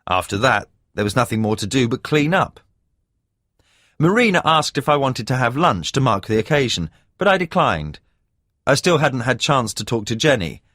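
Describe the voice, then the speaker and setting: A male audiobook narrator with a mid-pitched voice, reading a first-person thriller with measured, expressive delivery. His intonation rises and falls a great deal, and the close studio recording is completely dry. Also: no room sound. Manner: measured storytelling with expressive emphasis.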